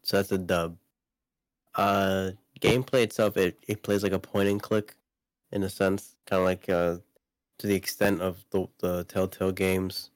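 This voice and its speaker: Give me a low, even-toned man in a loose podcast chat about video games, recorded dry. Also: moderate pace, dry recording. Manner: loose, rambling, frequent fillers and restarts. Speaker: podcast co-host.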